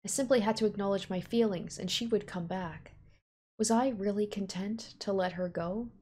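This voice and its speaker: A woman reading the part of a guarded, self-doubting young man from a visual novel, in a quiet, earnest way. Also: medium pitch, normal speed, husky, close to an everyday voice. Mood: regretful.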